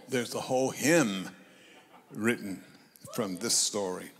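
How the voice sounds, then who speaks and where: A man in his eighties with a lowish voice preaches a sermon at a slow pace, retelling a scripture story and calling on the congregation to respond. He tells it with lively energy, acting out the quotes. Crowd noise fills the noisy background, and the large hall gives a long reverb.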